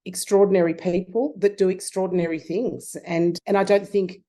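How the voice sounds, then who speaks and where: Lively Australian woman telling stories. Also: fairly low pitch, normal speed. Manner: lively, animated anecdote telling with frequent restarts. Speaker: guest, photography consultant. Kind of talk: casual storytelling interview.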